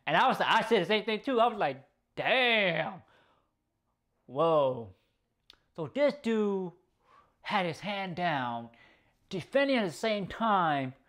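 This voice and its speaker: Man, casual review, fairly high-pitched, swears a lot, rambles and restarts. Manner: excitable, swears often. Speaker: video reviewer.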